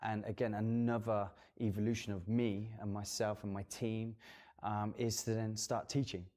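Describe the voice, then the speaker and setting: A hairdresser who owns a salon speaks as a guest in a casual interview, explaining things earnestly and at length with plenty of fillers. His voice is lowish and a little mellow, delivered flatly at a normal speed.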